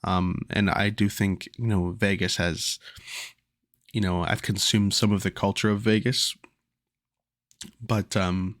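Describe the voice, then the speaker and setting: A man's voice: fairly low pitch, little pitch movement, measured pace, long pauses, fairly bright tone, no room sound, studio quality. A man hosting a podcast, telling a rambling, reflective personal story in a casual way with lots of fillers. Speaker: podcast host.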